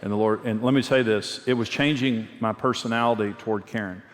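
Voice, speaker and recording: A man's voice: fairly low pitch, fairly even intonation, a little fast. A middle-aged man preaching a sermon, telling personal stories candidly and earnestly, often repeating a phrase for emphasis. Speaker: pastor and marriage teacher. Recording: long hall reverb.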